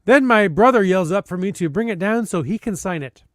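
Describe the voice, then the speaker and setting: Reading a listener's submission aloud, this podcast host has a high, expressive, slightly bright voice and plays it for laughs with comic pauses and playful stresses. The recording is close and dry, with no echo or room sound.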